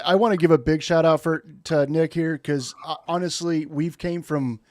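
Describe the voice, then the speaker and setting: A man talking casually on a livestream, enthusiastic and halting with fillers. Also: on the high side, a little mellow, no echo, studio quality. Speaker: team member.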